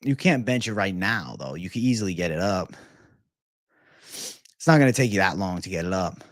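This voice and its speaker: A man's voice: deep voice, lively intonation, moderate pace, no room sound. A man hosting an MMA livestream in casual, profane, hyped chat full of slang.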